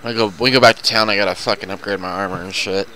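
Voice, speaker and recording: A man's voice: lowish voice, steady tone, fast talker, bright, forceful tone, low-quality recording. A man chatting casually and profanely while playing a video game with a friend. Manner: profane, loose and talkative. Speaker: gaming commentator. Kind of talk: casual gameplay chat.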